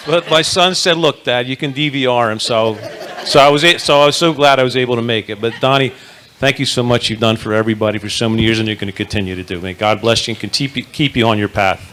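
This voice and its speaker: A father speaking at a live roast, halting and earnest, thanking the honoree with a light joke. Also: mid-range voice, fairly bright tone, slight background noise. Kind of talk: tribute speech with jokes. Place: banquet hall, live event.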